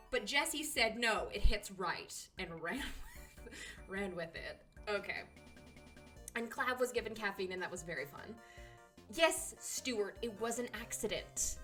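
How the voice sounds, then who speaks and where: A woman's voice: a little high, bright, forceful tone. A woman streamer in casual chat who giggles often and swears now and then.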